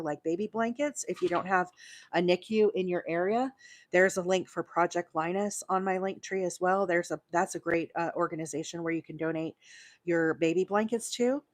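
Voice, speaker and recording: A woman's voice: lowish voice, moderate pace, no echo, clean studio sound. Chatty woman teaching crochet live. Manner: chatty, many fillers, counts stitches aloud. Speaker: crochet host.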